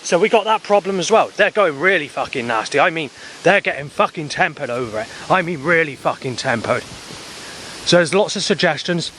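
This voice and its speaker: A man's voice: fairly high pitch, animated, a little fast, pushed and bright, a little hiss or hum. A man talking in an agitated, rambling video diary, swearing often and restarting his sentences. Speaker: vlogger.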